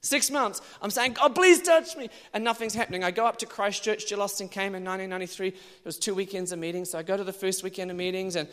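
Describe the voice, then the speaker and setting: A man preaching a sermon, telling his own testimony in an animated way, moving from hushed passages to loud ones. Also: high-pitched, fast, hardly any pauses. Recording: long church reverb.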